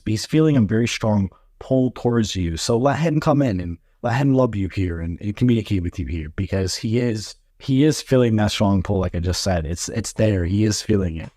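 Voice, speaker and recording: A man doing a casual spiritual card reading, speaking gently and reassuringly, with frequent pauses and fillers. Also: lowish voice, no room sound, clean studio sound. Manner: gentle, halting, filler-heavy reassuring talk. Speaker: tarot card reader.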